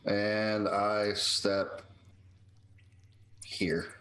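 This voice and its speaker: A man playing a tabletop game, laid-back and unhurried, with many fillers. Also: on the low side, completely flat delivery, a bit bright. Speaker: player. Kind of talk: casual tabletop play. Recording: roomy echo.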